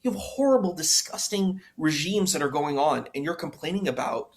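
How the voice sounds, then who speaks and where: A man's voice: a little high, expressive. Heated man ranting in a reaction stream. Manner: heated, ranting, quick rhetorical questions. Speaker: stream host reacting to a debate. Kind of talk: casual reaction commentary.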